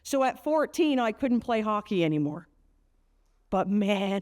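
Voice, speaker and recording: A woman around fifty with a brash, joking manner, giving an energetic motivational speech to teenage girls as a keynote speaker. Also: mid-range voice, measured pace. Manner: brash, joking, punchy storyteller.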